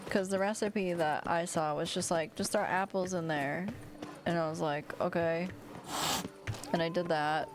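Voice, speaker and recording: A woman's voice: lowish voice, steady tone, measured pace, noisy background. A young woman streamer chatting casually, profane and sarcastic, while she plays a game. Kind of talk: casual livestream chat over gameplay.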